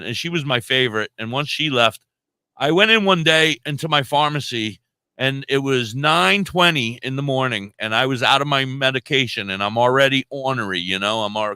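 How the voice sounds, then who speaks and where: A man tells a rambling story on a podcast, cursing freely and jumping into other people's voices as he quotes them. His voice is bright and forceful, and the recording is dry and close with almost no room sound. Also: medium pitch, smooth, no echo. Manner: profane, animated storyteller who acts out quotes. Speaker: podcast co-host. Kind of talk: casual storytelling chat.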